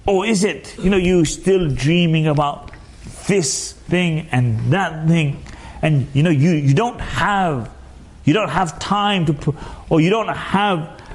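A man giving a sermon, asking the listeners rhetorical questions and weaving in Arabic phrases, stretching out his words for emphasis. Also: a little high. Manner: drawn-out emphatic delivery. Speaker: preacher.

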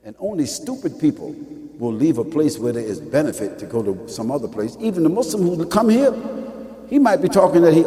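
A preacher delivers a sermon to a congregation, his somewhat high voice rising into shouted lines and falling back to low asides. He keeps pressing his listeners with "right or wrong?" The sound rings with long reverb, as if in a large hall. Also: sing-song, fairly quick, crowd noise. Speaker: Muslim preacher. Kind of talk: televised sermon.

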